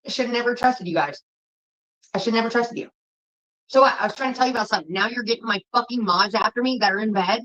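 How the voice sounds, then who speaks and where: A woman's voice: fairly high pitch, fast, a bit bright, poor audio. Angry, cursing woman livestreamer. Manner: angry, profane, scolding her chat. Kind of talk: heated livestream rant.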